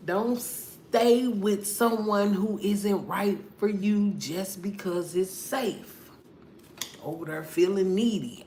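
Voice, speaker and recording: A woman's voice: mid-range voice, lively intonation, slow, a little mellow. A middle-aged woman giving a casual tarot reading, blunt and profane, laughing often as she talks. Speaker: tarot reader. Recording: echoey room with faint noise.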